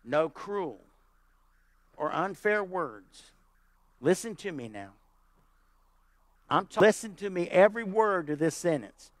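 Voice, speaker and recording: A high-pitched male pastor preaching with fervour, repeating key lines for weight and asking "Amen?" of his listeners. His talk turns folksy and plain. The sound is close and dry, with no room echo. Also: expressive, slow, pauses often. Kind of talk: sermon.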